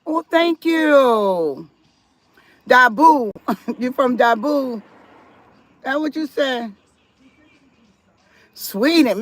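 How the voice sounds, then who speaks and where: A woman's voice: high voice, expressive, very slow, long pauses, no room sound. A woman hosting a live stream, chatting casually with viewers and reading their comments aloud, firm about respect in her chat. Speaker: livestream host.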